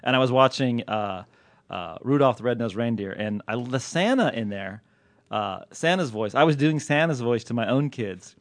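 A man's voice: medium pitch, lively intonation, normal speed, no room sound. A man hosting a podcast in casual, jokey banter, self-mocking and laughing often. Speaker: podcast host.

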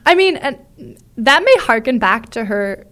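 A woman with a fairly high voice co-hosts a casual conversation about musicals. She is chatty and enthusiastic and fills her talk with ums and you-knows. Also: very animated, measured pace, fairly bright tone. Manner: chatty, many fillers, enthusiastic. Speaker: podcast co-host.

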